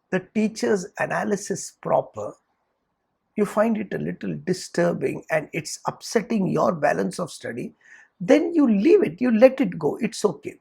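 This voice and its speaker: Brief: spiritual lecturer, deep fry and heavy rasp throughout, earnest, rhetorical asides. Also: darkish tone. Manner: earnest, checks in with rhetorical "hmm?" tags. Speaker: spiritual teacher. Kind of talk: lecture on scripture.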